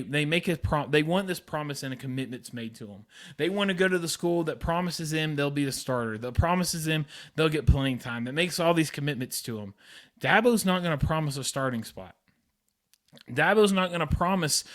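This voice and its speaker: A young man runs a sports podcast in casual chat. His voice sits a bit high for a man, and he hammers his points home with eager, repeated phrases. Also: a bit bright. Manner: enthusiastic, repetitive emphasis. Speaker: podcast host.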